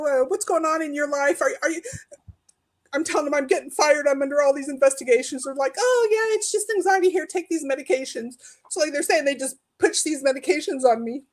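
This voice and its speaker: A woman's voice: fairly even intonation, brisk. A woman telling an emotional personal story, rambling and restarting, her voice climbing and breaking into tears as she recalls pleading for help. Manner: tearful, voice rising high when quoting her own pleas. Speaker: guest sharing personal story.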